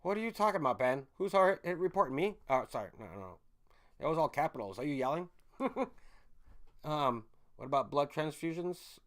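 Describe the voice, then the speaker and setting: A man's voice: a little high, very animated, brisk, a bit bright. A man hosting a casual livestream, rambling to his chat viewers, swearing freely and often correcting himself mid-sentence. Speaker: livestream host chatting with viewers.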